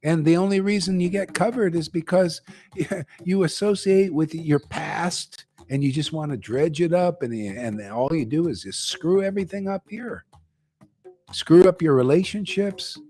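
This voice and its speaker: A man's voice: fairly high pitch, unhurried, mellow, soft background music. An older man giving a blunt, slangy devotional talk as a spiritual teacher, ranting and calling his listeners "man.". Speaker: spiritual teacher leading a chanting gathering.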